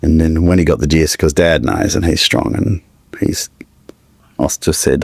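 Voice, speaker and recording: A middle-aged man with a very low, gravelly voice tells a painful personal story in a halting way. He often stops, restarts and searches for words. The close recording is dry, with no room echo. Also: fairly even intonation. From Australia. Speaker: podcast guest.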